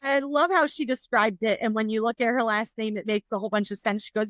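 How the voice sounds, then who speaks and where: Bubbly, higher-voiced podcast host woman. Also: fairly even intonation, a bit bright, no room sound, clean studio sound. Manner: bubbly and talkative, fast asides. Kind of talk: podcast interview hosting.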